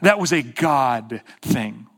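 A pastor giving a sermon in a casual storytelling manner, swinging from emphatic bursts to hushed quiet. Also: male voice, medium pitch, lively intonation, slow pace. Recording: long reverb of a large hall.

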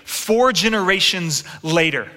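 A man in his thirties preaching a sermon with animated storytelling, acting out quotes and making asides to his congregation. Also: high-pitched, measured pace. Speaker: pastor. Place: large church hall. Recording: long reverb in a big hall.

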